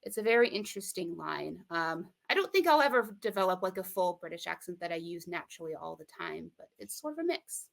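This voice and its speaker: A woman's voice: lowish voice, big pitch swings, fairly quick, creaky, hardly any pauses. A young American woman from Michigan with a Midwestern accent, speaking thoughtfully as an interview guest, with many fillers and restarts. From Michigan, USA. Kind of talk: casual interview talk.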